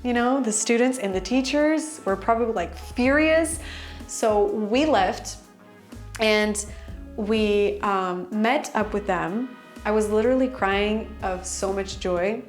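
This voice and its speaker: A young woman chatting excitedly in a casual storytime vlog, full of "like" fillers. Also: mid-range voice, slow pace, faint music behind. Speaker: vlogger.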